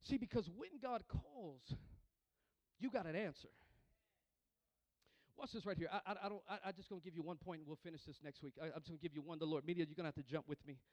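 A man's voice: fairly high pitch, fast, darkish tone, no room sound. A man preaching a sermon as pastor, calling for responses from the congregation and often repeating words and restarting lines as he goes.

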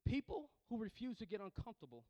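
Pastor guy preaching, really high voice, calls out to the church, repeats himself a lot. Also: very animated, quick pace, mellow, dry recording. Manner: preaching, call-and-response with congregation; repeats words and restarts when fired up. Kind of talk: sermon.

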